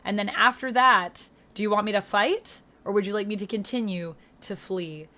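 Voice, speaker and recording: A woman's voice: medium pitch, normal speed, sharp tone. A woman livestreamer in casual chat with her viewers, upbeat, thanking them and reading chat aloud into a desk streaming mic.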